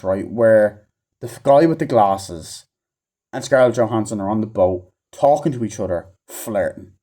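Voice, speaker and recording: Mellow-voiced man ranting in a profane review. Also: mid-range voice. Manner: profane, rambling, acts out characters' lines in a raised voice. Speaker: movie reviewer. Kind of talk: casual rambling movie review.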